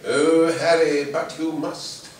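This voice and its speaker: A man's voice: a little high, level tone, slow pace, a little hiss or hum. A man voicing a king's son who gives orders insistently, heard from a distant mic in a very echoey room. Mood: commanding. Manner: commanding, insistent. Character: commanding son of a king.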